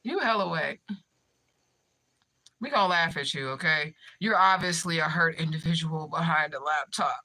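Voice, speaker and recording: A woman's voice: low voice, normal speed, pushed and bright. A woman chatting casually with viewers on a livestream, brash and profane, laughing often as she trash-talks trolls. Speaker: spiritual medium livestreamer.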